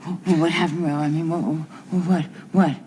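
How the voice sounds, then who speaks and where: An actress playing a naive, flustered housewife in a 1970s TV soap, rambling and repeating herself nervously. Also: female voice, low voice, steady tone, normal speed, darkish tone, slight background noise, natural voice.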